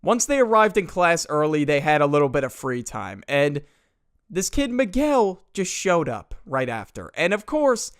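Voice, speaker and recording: A man's voice: fairly high pitch, big pitch swings, moderate pace, clear, resonant tone, no echo, clean studio sound. A young man narrating a comedic story in casual slang, exasperated and mocking. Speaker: storytime commentator.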